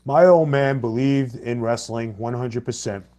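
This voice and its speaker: A man's voice: medium pitch, measured pace, dark tone. A middle-aged man, a former wrestler, casually telling a story in a blunt, plain-spoken way, voicing both sides of the dialogue in his own voice. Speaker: former pro wrestler and co-host.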